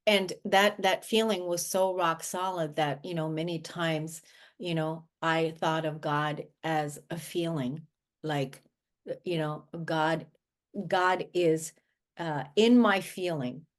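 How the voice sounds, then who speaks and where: A woman's voice: sits low, steady tone, slow pace. A woman guest, a life coach, speaking earnestly in a conversational interview, often restarting her sentences. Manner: earnest, with frequent restarts and filler words.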